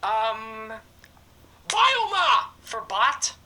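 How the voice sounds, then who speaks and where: A woman doing silly shouted sound-effect voices, zany and laughing, jumping between squeals and low growls. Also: sing-song, extremely slow, a little hiss or hum.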